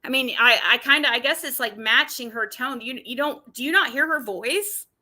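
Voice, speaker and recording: A woman's voice: high-pitched, pushed and bright. A woman hosting a casual livestream, blunt and combative, swearing often and restarting her sentences. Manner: halting, with frequent restarts. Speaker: livestream host.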